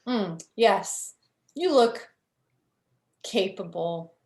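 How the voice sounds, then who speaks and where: A woman voicing a suspicious, gruff male guide who asks probing questions and makes veiled threats. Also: mid-range voice, lively intonation, extremely slow, darkish tone, roomy sound.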